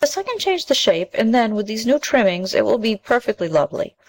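A woman's voice: a little high, big pitch swings, brisk, pitched above the performer's own voice, rough recording. A woman voicing a kind, practical young village girl who speaks earnestly and politely in a storybook reading.

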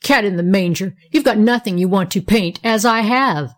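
A woman's voice: mid-range voice, moderate pace, close to an everyday voice. A woman voicing a cross young boy with a grumpy, dismissive manner.

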